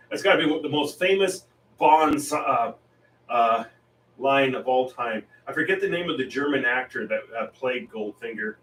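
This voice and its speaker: A man's voice: mid-range voice, expressive, normal speed, fairly bright tone, far from the mic, a little hiss or hum. A man hosting a painting stream, chatting casually in a rambling, easygoing way and laughing often. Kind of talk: casual chat while painting. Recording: roomy sound, off-mic.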